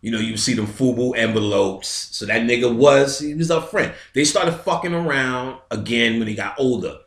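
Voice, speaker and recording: Middle-aged New man, mid pitch, casual storytelling lecturer, recorded in an echoey room. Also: normal speed. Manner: streetwise, profane, imitates sounds and other voices. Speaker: metaphysical lecturer. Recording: roomy echo.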